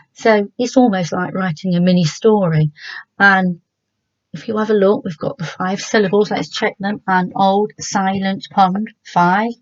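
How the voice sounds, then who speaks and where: A middle-aged woman with an English accent teaches children from home, patient and gentle as she sounds out words slowly. Her voice is mid-pitched and the recording is dry and somewhat dull. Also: dry recording. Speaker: primary school teacher. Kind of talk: remote lesson for children.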